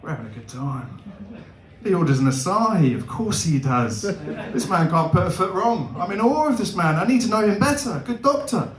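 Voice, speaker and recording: A young man doing stand-up comedy, animated and laughing, with big swings in pitch. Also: normal speed, roomy sound.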